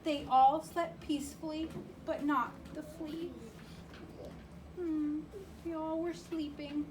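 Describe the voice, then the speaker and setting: A woman with a high voice reads a picture book aloud to a child, slow and sing-song, pausing for questions. She sits some way from the mic, and steady background noise runs under her voice. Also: distant mic. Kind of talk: read-aloud storytelling.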